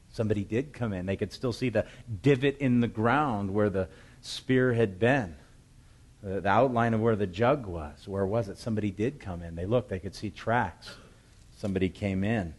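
A man delivers a sermon in a fairly low voice, telling the story in plain, lively talk. He jumps into the characters' voices, sometimes shouting their calls from a distance. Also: moderate pace. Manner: acts out scripture voices, shouting the calls across the hills. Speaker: preacher.

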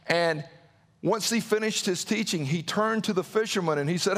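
Male pastor, high voice, dramatic sermon delivery with acted-out quotes. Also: moderate pace, fairly bright tone, big-room sound.

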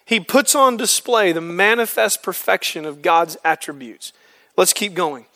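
A man's voice: sits high, expressive, measured pace, pushed and bright. A man leading a men's Bible study, explaining scripture earnestly and using homespun examples.

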